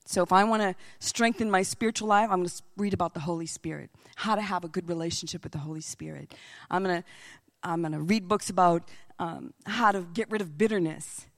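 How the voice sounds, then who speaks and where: Woman preaching with animated storytelling. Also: fairly low pitch. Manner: animated storytelling, drops into hushed whispers. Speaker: missionary speaker. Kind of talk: sermon.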